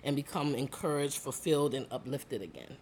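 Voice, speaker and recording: A woman hosting a podcast as a life coach, upbeat and chatty, her voice a little rough and hoarse from allergies. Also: extremely low pitch, fairly quick, darkish tone, a little hiss or hum. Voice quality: slightly rough voice. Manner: upbeat, chatty, calls listeners "y'all" and "guys". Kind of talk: casual podcast chat. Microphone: studio mic.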